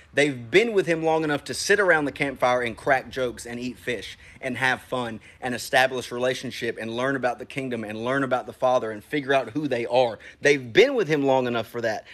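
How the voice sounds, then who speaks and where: Animated male preacher. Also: mid-range voice. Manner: animated, conversational, talks straight to the congregation. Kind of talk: casual sermon.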